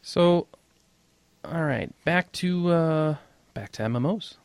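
A man's voice: a little high, animated, slow, gravelly, clear, resonant tone, no room sound. A man hosting a casual gaming podcast, laughing often and rambling loosely. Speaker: podcast host.

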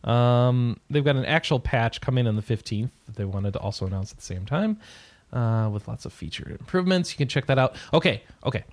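Male podcast host, mid-pitched, dry close sound, casual news chat. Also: brisk, no echo. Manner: relaxed, reads news items aloud with asides.

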